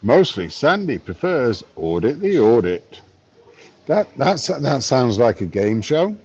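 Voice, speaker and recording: A man's voice: mid-range voice, big pitch swings, takes it slowly, darkish tone, husky, highs cut off. A man in his fifties, live streaming from a bar on his phone, chatting wryly and reading chat messages aloud. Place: bar, drinking a pint.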